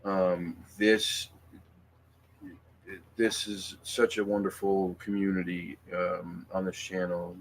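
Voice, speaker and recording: A middle-aged man hosting a casual livestream, speaking in an emotional, halting way with many fillers and restarts. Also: deep voice, little pitch movement, a little hiss or hum. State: emotional, near tears. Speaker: livestream host.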